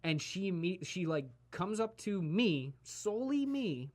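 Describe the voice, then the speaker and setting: A man's voice: sits high, very animated, measured pace, darkish tone. A young man casually telling stories on a podcast, rambling and repeating "like" as he restarts his lines. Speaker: podcast co-host. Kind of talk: casual storytelling chat.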